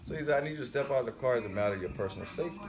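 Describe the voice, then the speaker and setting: A man telling a story in a casual podcast chat, animated and acting out the voices of the people in it. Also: medium pitch, very fast, over music. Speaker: podcast guest.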